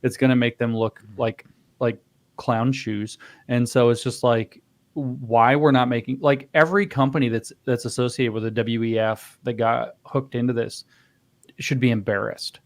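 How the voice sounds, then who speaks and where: A man in casual podcast chat, ranting in an animated, mocking way and swearing freely. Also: mid-range voice, moderate pace. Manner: animated, profane, mocking rants. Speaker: podcast panelist.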